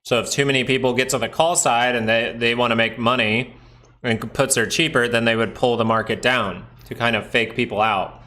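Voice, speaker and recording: A man hosting a live stock market stream, chatting casually over charts, excitable and asking himself questions as he thinks aloud. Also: medium pitch, a little fast. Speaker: stock market livestream host.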